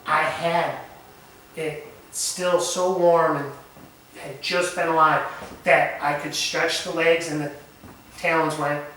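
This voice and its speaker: High bright man teaching in an echoey room. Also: slow pace, pauses often, a little hiss or hum. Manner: animated, asks the group questions. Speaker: camp naturalist instructor. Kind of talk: hands-on nature lesson. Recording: echoey room recorded from far off.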